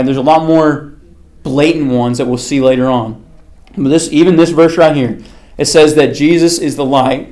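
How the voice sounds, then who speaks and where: A man's voice: medium pitch, a little mellow. A man teaching a casual Bible study class. He talks conversationally, poses questions to the group and answers them himself, with many fillers like "okay" and "like.".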